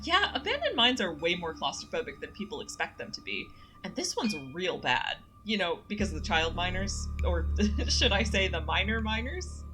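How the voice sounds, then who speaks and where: A woman's voice: mid-range voice, sing-song, moderate pace, few pauses, over music, close to an everyday voice. A woman voicing a chipper young female ghost-hunting streamer who relishes spooky places, reading aloud from a game. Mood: gleeful. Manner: chipper, gleeful about spooky things.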